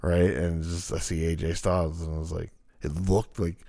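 A man's voice: sits low, level tone, normal speed, gravelly, mellow, no echo, clean studio sound. A man co-hosting a podcast in loose, rambling casual chat, swearing freely. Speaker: podcast co-host.

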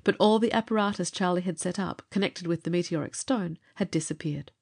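Woman narrating an audiobook, lowish voice. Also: creaky. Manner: measured, expressive storytelling.

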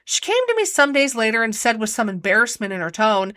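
Lively, bright-voiced woman narrator. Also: a little high, fairly quick, few pauses, dry recording, clean studio sound. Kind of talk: storybook reading.

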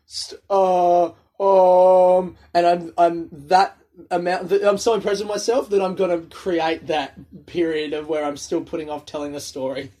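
Aussie guy in his 30s rambling thru a story, swears a lot, laughs at himself, kinda high voice. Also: dark tone. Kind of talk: casual solo storytelling.

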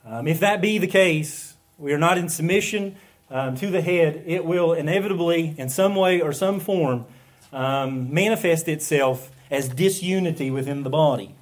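A man's voice: fairly high pitch, normal speed. An earnest male pastor preaching a sermon in a slightly raised voice. He presses his points with emphatic repetition, stumbling through fillers and restarts as he builds.

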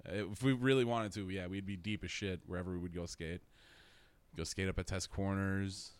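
A man's voice: deep voice, fairly even intonation, moderate pace. A young man telling a rambling story in casual chat, swearing constantly and laughing through his own stories.

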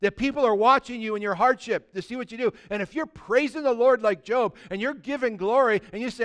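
A man preaching with a high voice that sounds smooth and resonant. He drives his points home with fervor, then sinks to a low, slow hush for weight, slipping now and then into the voices of the people he quotes. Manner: impassioned preaching, swings from loud exhortation to hushed, drawn-out emphasis. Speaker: pastor. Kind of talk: sermon.

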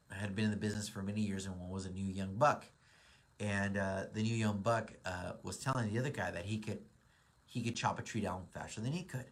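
A man in his forties, a real estate broker, giving a casual motivational talk with lots of ums and restarts. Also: on the low side. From Southern California. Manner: rambling, many ums and restarts.

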